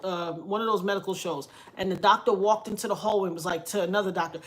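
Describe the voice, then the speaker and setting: A woman hosting a livestream, telling a story in a preachy, animated way that swings from loud emphasis to soft asides. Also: mid-range voice, quick pace, few pauses. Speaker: livestream host reading viewer comments. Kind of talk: casual storytelling monologue.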